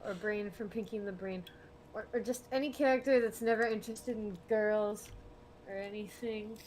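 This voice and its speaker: A young woman hosting an art stream who talks casually while she draws, rambling and laughing often, sometimes dropping to quiet mumbles as she works. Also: mid-range voice, fairly even intonation, normal speed, slight background noise. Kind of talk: casual chat while drawing.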